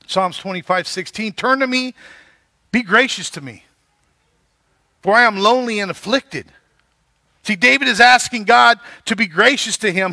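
High-voiced bright preaching man. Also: no echo. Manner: preaching with rising emphasis and repeated "right?". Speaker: pastor. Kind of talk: sermon.

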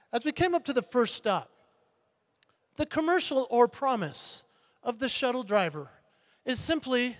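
A motivational speaker, a man, telling an animated story on stage and acting out the voices. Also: very high voice. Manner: animated, acts out voices, builds to punchlines. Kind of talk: keynote storytelling speech. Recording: long hall reverb.

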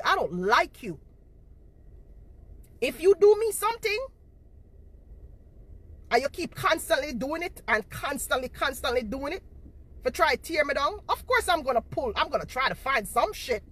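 A woman's voice: high voice, lively intonation, brisk, sharp tone. Fiery woman in her forties. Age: 40s. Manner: confrontational, repeats herself for emphasis. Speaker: livestreamer. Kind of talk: livestream rant to her viewers.

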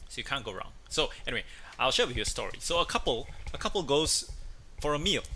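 A chatty male host talks casually and playfully. His voice sounds very bright and sharp, and a soft hiss sits faintly under the recording. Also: medium pitch, very animated, fast talker. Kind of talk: casual chat, telling a joke.

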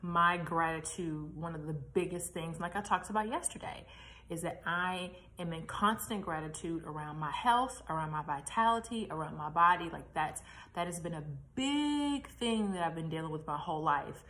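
A woman talking in a chatty, animated way in a casual motivational vlog, laughing at herself now and then. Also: on the low side, moderate pace, a little hiss or hum. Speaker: vlogger. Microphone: camera mic, reading notes.

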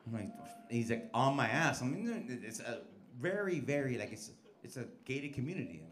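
Loud, profane stand-up comic on stage. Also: male voice, medium pitch, normal speed. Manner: loud, profane, animated storytelling with put-on voices. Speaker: stand-up comedian. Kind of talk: stand-up set with crowd work. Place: comedy club stage with live audience. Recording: live club recording with crowd noise.

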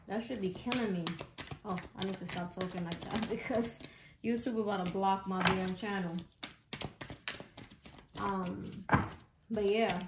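Chatty, outspoken woman reading tarot in an echoey room. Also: mid-range voice. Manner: chatty, slangy, outspoken, swears freely. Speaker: tarot reader. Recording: echoey room with background noise.

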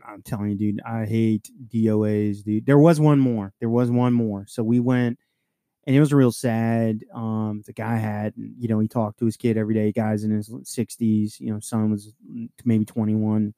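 A man's voice: on the low side, normal speed, no echo. A man co-hosting a police podcast tells war stories in loose, profane chat. He swears freely and laughs as he goes. The sound is dry and close. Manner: profane, laughing, animated storyteller. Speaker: podcast co-host, police sergeant. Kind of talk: casual storytelling chat.

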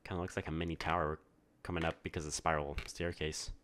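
A man's voice: extremely low pitch, flat delivery, quick pace, background noise. A man doing let's play commentary, thinking aloud and puzzling over the text on screen. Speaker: gaming video creator.

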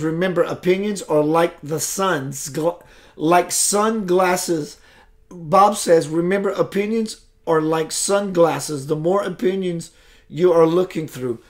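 A man leads a live spiritual broadcast in a slow, deliberate, preacherly manner. His voice sits a little high for a man, and he lets his words land one at a time. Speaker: spiritual show host.

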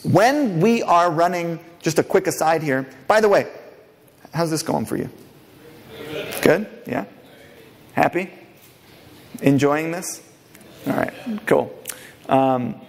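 Energetic man giving a keynote in a hall. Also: on the high side, unhurried, pauses often. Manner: energetic, quizzes the audience directly. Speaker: keynote speaker. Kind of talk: conference keynote talk. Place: large conference hall, on stage. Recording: long reverb of a large hall.

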